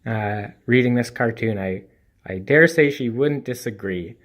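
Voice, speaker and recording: Man, comic strip reviewer, slow and halting, dry wry delivery, lots of ums. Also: mid-range voice. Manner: hesitant, full of ums and restarts. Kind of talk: casual spoken review.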